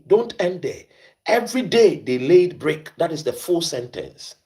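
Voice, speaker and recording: A man with a Ghanaian accent delivers an impassioned, preachy commentary. His voice swings widely and sits a little high. He hammers his points by repeating phrases and slips into Twi. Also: big pitch swings, a little slow, warm tone. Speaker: host.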